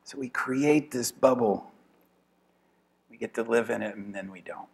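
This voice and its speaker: A man's voice: mid-range voice, a little slow, creaky, a little mellow. A man giving an informal evening lecture to a class. He talks in a chatty way, laughs often and thinks aloud with restarts.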